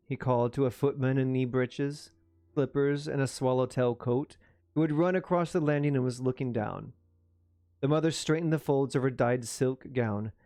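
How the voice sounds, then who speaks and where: A man's voice: medium pitch, warm tone. A man reading a classic novel aloud on a live stream, breaking off for chatty, self-mocking asides. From United States.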